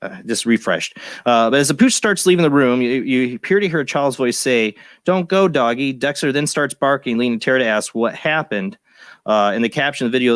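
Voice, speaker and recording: With a mid-range voice and no echo, the host of a paranormal radio show reads news stories aloud in casual conversation. He wanders off track easily, rambling and chuckling as he goes.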